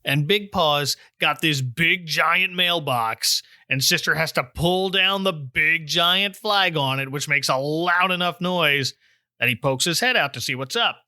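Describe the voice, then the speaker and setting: Brief: man in his thirties or forties, joking podcast host, slightly high voice. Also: unhurried, pushed and bright, no echo, clean studio sound. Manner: wry, joking recapper. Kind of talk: casual chat recapping a cartoon.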